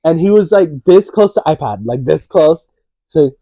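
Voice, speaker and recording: A young man co-hosting a laid-back chat tells stories in a fairly high, mellow voice at normal speed. He gets animated, acting out quotes in a raised voice, and the close, dry recording has no echo or room around it.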